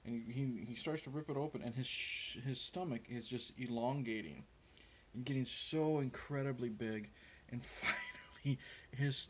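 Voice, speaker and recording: A man talks through a film scene in loose, casual chat, stopping often for ums and uhs and restarting his sentences. His voice sits at an ordinary middle pitch. He sounds like a host chatting with his regular viewers. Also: a little hiss or hum. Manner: rambling, hesitant, many fillers and restarts. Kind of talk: casual movie recap. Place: room with a window.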